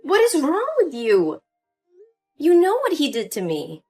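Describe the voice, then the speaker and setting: A woman's voice: sits high, huge pitch swings, unhurried, warm tone, soft background music, voice pushed up, exaggerated voice. A woman voicing an upset young adult daughter in a dramatized story, pleading and indignant. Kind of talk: scripted story voice acting.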